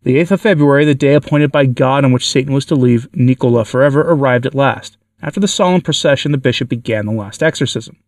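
A man narrating a religious story aloud in a measured way, with occasional stumbles. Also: medium pitch, darkish tone, dry recording. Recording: dry, from far off the mic.

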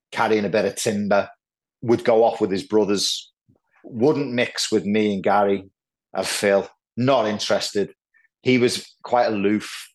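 A middle-aged man, telling lively football anecdotes as a podcast guest, peppered with "like" and "right". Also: fairly low pitch. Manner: animated anecdotes, lots of "like" and "right". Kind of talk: casual storytelling chat.

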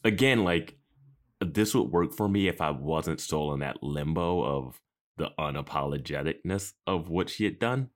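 A man's voice: a bass voice, moderate pace. A man co-hosting a podcast, giving sarcastic, opinionated commentary in casual chat. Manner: sarcastic, opinionated, trails off softly. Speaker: podcast co-host.

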